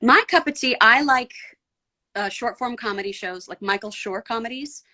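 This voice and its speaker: A woman's voice: on the high side, normal speed, bright, forceful tone. A woman voice actor from San Diego, chatting casually as a guest with lots of "like" fillers. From San Diego, USA. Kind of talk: casual podcast chat.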